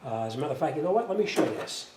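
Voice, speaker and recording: A man's voice: a little high, very animated, rapid-fire, very noisy. A man, an auto mechanic talking casually and bluntly as he walks viewers through a hands-on repair.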